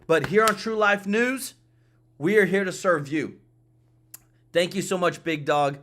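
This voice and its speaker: Hosting a political commentary show, this man has a high, slightly bright voice and a measured pace. He's emphatic and repetitive as he talks to viewers and the chat.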